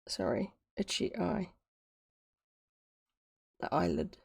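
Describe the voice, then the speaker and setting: Gravelly New Zealand woman reading aloud. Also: on the low side, expressive, darkish tone. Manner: chatty asides, pauses to explain words. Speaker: streamer reading a book aloud. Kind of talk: live-streamed book reading.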